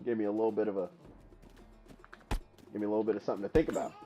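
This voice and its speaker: A man streaming a game for the first time, commentating excitedly, laughing and trash-talking his opponent. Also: fairly low pitch, rapid-fire, dull audio, over music. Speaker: gaming streamer. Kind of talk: casual live gameplay commentary.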